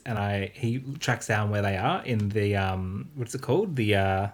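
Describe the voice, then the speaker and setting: A man's voice: on the low side, normal speed. Rambling man recapping a film. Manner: rambling, swears, acts out quotes. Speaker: podcast co-host. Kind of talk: casual film recap chat.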